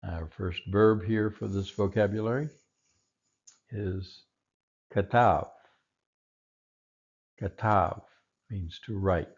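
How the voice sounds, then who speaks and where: A man teaching a recorded Hebrew vocabulary lesson, patiently repeating each word slowly. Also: lowish voice, steady tone, darkish tone, dull audio.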